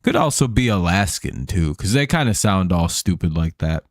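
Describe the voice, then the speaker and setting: A man's voice: low-pitched, lively intonation, moderate pace, hardly any pauses, no echo. A man hosting a baseball watch-along stream, chatting casually and joking with plenty of swearing, recorded on a close, dry mic. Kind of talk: casual live-stream game commentary.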